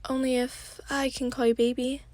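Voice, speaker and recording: A stuffy-voiced woman voicing a cheeky, easygoing young male hero in a listener story, speaking softly and casually. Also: sits high, flat delivery, normal speed, no room sound, close to an everyday voice. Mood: teasing. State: stuffy nose.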